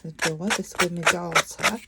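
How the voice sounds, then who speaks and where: A woman's voice: lowish voice, steady tone, normal speed, very noisy. A middle-aged woman from northern England with a Lancashire accent, chatting casually through a crafting tutorial while she works. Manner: chatty, self-interrupting, talking while working. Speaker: craft vlogger.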